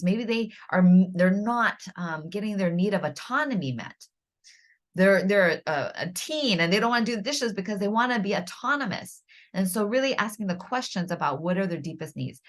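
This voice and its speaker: A woman hosting a podcast, earnestly and gently teaching, with frequent restarts and self-corrections. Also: on the low side. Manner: earnest, encouraging, gently instructive. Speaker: podcast host.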